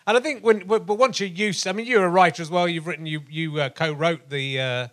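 A man's voice: on the high side, brisk, a bit bright. A man hosting a live podcast interview, asking casual prompting questions. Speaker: podcast host. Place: comedy club stage.

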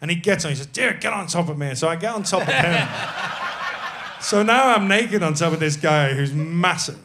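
A man's voice: fairly high pitch, expressive, normal speed, background noise. A man telling a self-deprecating story as a guest on a live comedy podcast, laughing often. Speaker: actor guest.

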